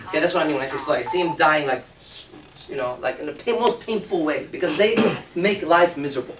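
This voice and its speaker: A man's voice: fairly high pitch, expressive, fast talker, a bit bright, far from the mic, slight background noise. A man giving a live seminar talk to an audience, blunt and emphatic, swearing freely. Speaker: seminar speaker. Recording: roomy hall, speaker off-mic.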